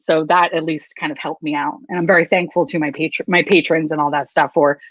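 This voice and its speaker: A woman's voice: low-pitched, steady tone, a little fast, dry recording. A woman chatting casually as a guest on a video call, candid, swearing freely and laughing often. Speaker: guest YouTuber. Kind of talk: casual live chat. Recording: dull, lo-fi, dry sound.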